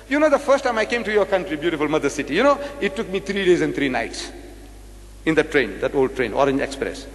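A high-voiced man lectures with sweeping, lively swings in pitch, dramatic and full of rhetorical questions. His voice rings through a large lecture hall with a long echo. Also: fairly quick. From South Africa. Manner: dramatic, rhetorical, questions the audience and acts out debates. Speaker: public lecturer. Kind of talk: religious debate lecture. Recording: live hall recording with long reverb.

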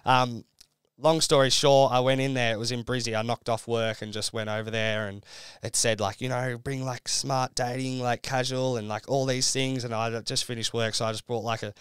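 A man's voice: medium pitch, steady tone, normal speed, a bit bright, clean tone, no echo. A young Australian man telling a story as a podcast guest, laid-back and full of "like"s. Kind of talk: casual chat.

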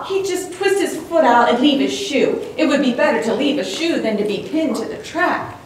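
A woman reading a suspenseful children's story aloud in a church, with expressive storytelling. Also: sits high, normal speed, slight background noise. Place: church sanctuary. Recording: very echoey hall, distant mic.

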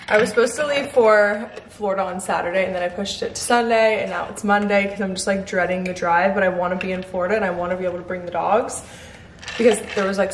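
A woman vlogging at home in casual chat to camera, talking loosely with lots of "like" and "um" fillers. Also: medium pitch. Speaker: lifestyle vlogger. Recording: echoey room, faint noise.

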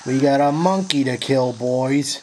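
Exasperated male gamer narrating his hunt, cursing at his helpers, mid-pitched, faint hiss behind him. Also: unhurried, warm tone. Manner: frustrated, swearing, sarcastic. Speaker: gameplay commentator. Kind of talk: profane live gameplay commentary.

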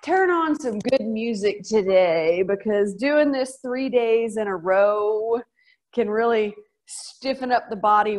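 Bubbly Southern woman leading a slow workout. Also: fairly high pitch, poor audio. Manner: bubbly, playful, with little sound effects and laughs. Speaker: fitness instructor. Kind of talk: guided workout instruction.

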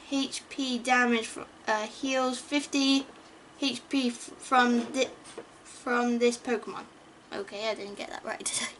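A woman's voice: high-pitched, fairly bright tone, a little hiss or hum. A woman casually talking through card packs as she opens them, chatty and stumbling over names, gasping at good pulls. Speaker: YouTuber opening trading card packs. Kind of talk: casual card-opening commentary.

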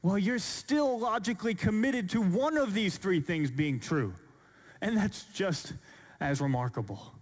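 A man giving a Christian apologetics talk to an audience, earnest and deliberate, building up rhetorical questions and slowing down for emphasis. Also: high voice, expressive. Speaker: Christian speaker.

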